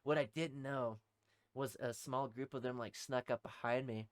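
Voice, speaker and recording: A young man co-hosting a podcast, telling a rowdy story in casual talk, swearing heavily and shouting out the lines of people in it. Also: mid-range voice, steady tone, normal speed, smooth, no echo. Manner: heavy swearing, acts out shouted quotes. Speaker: podcast co-host.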